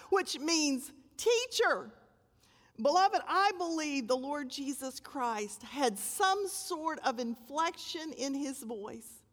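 High-voiced older woman preaching. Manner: dramatic, emphatic storytelling with swells and hushed drops. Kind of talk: sermon. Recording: long hall reverb.

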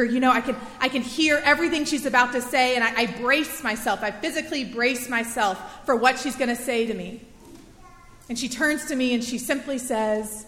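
A woman in her thirties telling a personal story as a sermon, in a chatty, animated storytelling way. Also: on the high side, normal speed. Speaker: preacher. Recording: echoey hall with long reverb.

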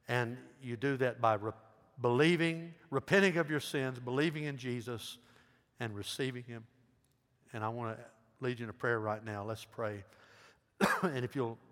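Pleading pastor in a reverberant sanctuary. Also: male voice, mid-range voice. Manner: pleading, earnest, swings between loud emphasis and hushed tones. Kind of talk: sermon altar call. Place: large church sanctuary. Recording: long hall reverb.

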